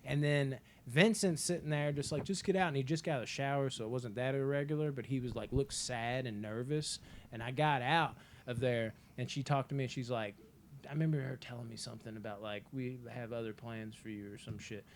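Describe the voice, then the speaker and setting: A man's voice: mid-range voice, fairly quick, a little hiss or hum. A man in his twenties, a podcast co-host telling a long story in a casual, rambling way, full of filler words and swearing.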